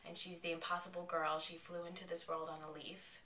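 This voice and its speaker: A woman giving a chatty, excited recap of a television episode. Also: lowish voice, a little fast, slight background noise. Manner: excitable, chatty retelling with quoted lines. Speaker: vlogger reviewing an episode. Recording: echoey room, mic at a distance.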